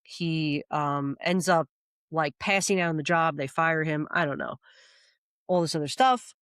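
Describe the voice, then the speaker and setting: A woman guest on a podcast telling her life story candidly, animated, acting out what people said and swearing freely. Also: low-pitched, measured pace, clear, resonant tone, dry recording.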